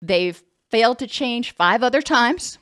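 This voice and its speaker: A woman's voice: a little high, lively intonation, measured pace, fairly bright tone, no echo. Woman counselor lecturing in a dry room. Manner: conversational, with self-corrections. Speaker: licensed counselor.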